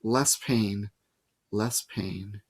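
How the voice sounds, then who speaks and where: A man's voice: a little high, normal speed, natural voice. A man reading aloud and voicing an ancient female snake-haired monster with a falsely sweet, purring manner that breaks into snarls. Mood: soothing, coaxing. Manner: soothing purr turning to snarls.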